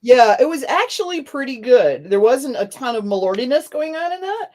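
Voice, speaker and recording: A woman's voice: high-pitched, very animated, moderate pace, a little mellow. A woman hosting a casual podcast chat, rambling and laughing often as she tells stories. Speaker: podcast host.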